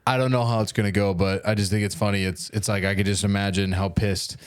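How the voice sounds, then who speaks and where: A man's voice: fairly low pitch, little pitch movement, fast, smooth, no room sound. A man co-hosting a comedy podcast, casual and loose, swearing freely as he jokes. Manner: loose, profane, joking. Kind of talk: casual chat.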